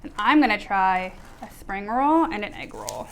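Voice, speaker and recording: A woman's voice: mid-range voice, wildly swooping pitch, moderate pace, gravelly, fairly bright tone, a little hiss or hum. A woman host presenting a food review, upbeat and speaking to the camera.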